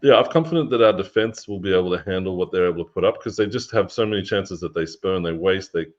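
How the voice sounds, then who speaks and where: Deep-voiced man on a dull line. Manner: measured, thinking aloud. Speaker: panel guest. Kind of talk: casual football chat. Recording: dull lo-fi audio.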